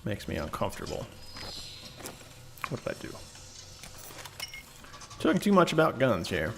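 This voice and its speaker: A man's voice: mid-range voice, huge pitch swings, unhurried, vocal fry. Man, game streamer, casual chat, rambling asides, desk microphone, faint background hiss. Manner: rambling, self-correcting, chatty asides. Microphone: desk microphone on a shock mount.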